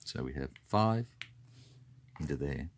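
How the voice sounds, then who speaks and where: A man with a remarkably deep voice walks through a tabletop wargame turn. He counts moves and dice totals aloud in a methodical, unhurried way, his pitch rising and falling freely. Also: animated, slight background noise. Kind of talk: talking through a board game turn.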